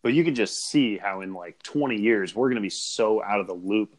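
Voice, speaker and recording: A man's voice: fairly low pitch, lively intonation, a little fast. A young man co-hosting a casual podcast, rambling with lots of filler words, swearing and laughing often. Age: young adult. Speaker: podcast co-host. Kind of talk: casual chat.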